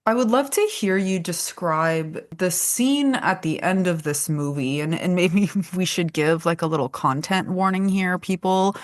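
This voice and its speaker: An earnest woman hosting a podcast, with a lower voice for a woman. She talks in a reflective way and draws out her guest with open questions. Her voice sounds close and dry, with no room around it. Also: a little slow, few pauses, dry recording. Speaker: podcast host. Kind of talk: conversational podcast discussion.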